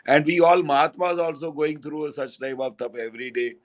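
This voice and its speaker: An older man with a Gujarati accent giving a spiritual satsang talk, telling anecdotes in a halting way with fillers and restarts. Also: fairly high pitch, poor audio. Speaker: spiritual speaker.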